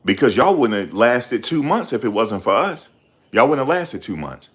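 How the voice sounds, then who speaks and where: A middle-aged man hosting his channel, talking in a loud, confrontational, profane rant. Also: mid-range voice, sing-song, moderate pace, breathy edge. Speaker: channel host. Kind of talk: ranting livestream commentary.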